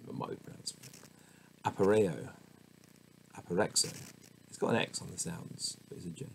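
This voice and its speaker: A man's voice: sits low, normal speed, vocal fry, low-quality recording. A man reading dictionary entries aloud one by one, stumbling over pronunciations and muttering asides to himself. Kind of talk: casual word-by-word reading. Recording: faint background noise.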